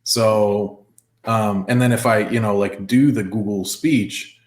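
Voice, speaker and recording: A man with a lowish voice chats loosely on a podcast and swears freely. His voice carries the echo of a roomy space. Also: fairly even intonation, slow. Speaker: podcast co-host. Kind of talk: casual chat.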